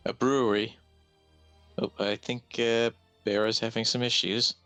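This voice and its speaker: A man's voice: medium pitch, little pitch movement, unhurried, a bit bright, smooth, faint music behind. A man playing a tabletop game, talking in a laid-back, plain-spoken way. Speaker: player. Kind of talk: casual tabletop game play.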